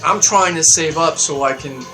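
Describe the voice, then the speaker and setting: A man delivering a heated, profane talk-radio rant, getting louder and higher as he stresses his points. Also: normal speed, over music. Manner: heated, profane, emphatic ranting that climbs in pitch and volume. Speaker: radio show segment contributor. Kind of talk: ranting talk-radio monologue. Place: radio studio.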